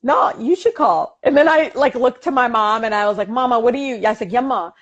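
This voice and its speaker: A woman politician chatting as an interview guest over a video call, telling animated stories, laughing often and acting out family dialogue. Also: on the high side, fairly quick, lo-fi sound.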